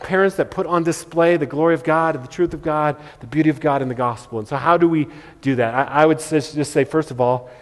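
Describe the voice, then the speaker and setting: Fairly high-voiced preacher in a reverberant hall. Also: male voice, fairly quick. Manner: emphatic, with stammered word repeats. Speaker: pastor. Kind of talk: sermon.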